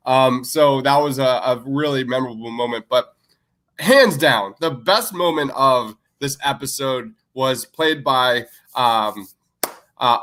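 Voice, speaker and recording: A man's voice: medium pitch, a bit bright. A man co-hosting a podcast in casual chat, enthusiastic and full of filler words. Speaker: podcast co-host.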